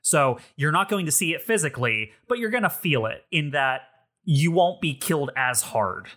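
A man narrating as game master of a tabletop mech game, pausing often with ums and uhs. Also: a little high, animated, fairly bright tone. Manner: halting, filler-heavy narration.

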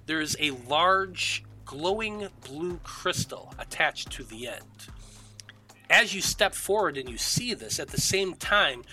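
A man narrating a tabletop game as game master, halting with many ums and restarts. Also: a little high, bright, forceful tone.

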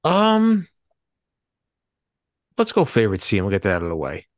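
Low-voiced man, profane rambling podcast banter, dry mic. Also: huge pitch swings, normal speed, no room sound. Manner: rambling, swears freely. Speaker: podcast co-host. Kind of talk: casual movie chat.

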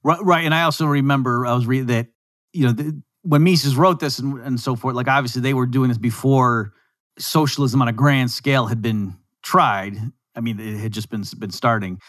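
Male podcast host, chatty and quick to act out quotes, dry close mic, mid-pitched. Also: dry recording. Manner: talks in lively bursts, slips into voices for quoted people. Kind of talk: casual economics discussion.

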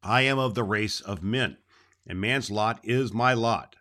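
Man reading a solemn, earnest young man, low voice, storybook reading. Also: a little slow, bright, forceful tone. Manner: solemn, formal speech. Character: earnest young man leaving his forest home.

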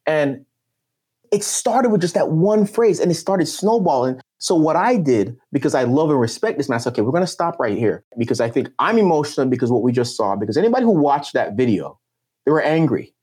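A man's voice: fairly high pitch, sing-song, a little fast, a little mellow, slightly rough. A man speaking as a podcast guest, telling a personal story in an emotional, emphatic way. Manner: passionate and emphatic, with swinging intonation.

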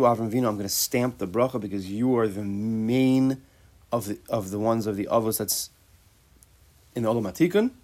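A Torah teacher with a somewhat low, darkish voice leads his class in a loose, conversational way. He mixes Hebrew terms into his English, poses rhetorical questions, and tosses in joking asides.

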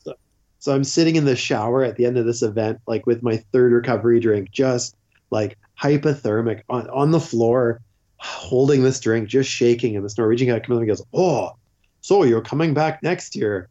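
A man's voice: mid-range voice, fairly even intonation, brisk, warm tone, muffled recording. A man guest telling a long story in a casual, rambling way, full of fillers. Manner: rambling, filler-heavy with frequent "like".

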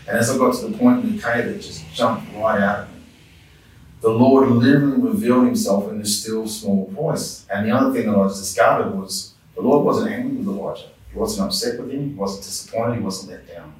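Interview guest, male, lowish voice, earnest heartfelt testimony; distant mic in a very roomy space. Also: a little fast. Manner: earnest, heartfelt storytelling with restarts. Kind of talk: personal faith testimony, conversational.

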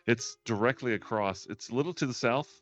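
A man running a tabletop game as game master, narrating in a relaxed, chatty way. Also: mid-range voice, fairly quick. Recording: dull lo-fi stream audio, faint music.

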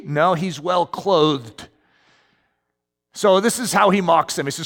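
A man preaching a sermon as pastor, animated, with sudden emphatic rises in his delivery. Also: high voice, takes it slowly, gravelly, long pauses. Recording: long hall reverb.

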